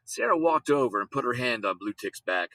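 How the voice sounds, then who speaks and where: A man reading a children's story aloud in an expressive, lively storytelling manner. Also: medium pitch, fairly quick, dry recording, low-quality recording. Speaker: audiobook reader. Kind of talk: storybook read-aloud narration.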